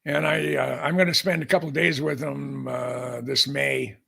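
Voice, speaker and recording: A man's voice: medium pitch, fairly even intonation, moderate pace, gravelly, sharp tone, slightly rough. An older man, a podcast guest, telling a long story in a folksy, rambling way with many restarts. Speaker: podcast guest, aviation historian. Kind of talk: storytelling in casual conversation.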